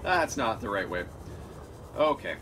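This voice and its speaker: Over game music, a man with a fairly low voice hosts a let's play, his pitch swinging widely at a measured pace. His tone is pushed and bright with a little hiss or hum, and he chats playfully, gushing and talking to the on-screen creatures.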